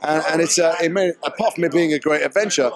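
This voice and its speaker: Fast-talking man, articulate and thoughtful. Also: a little high, a crowd in the background. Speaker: actor interviewed as guest. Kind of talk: red carpet interview answers. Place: red carpet premiere event.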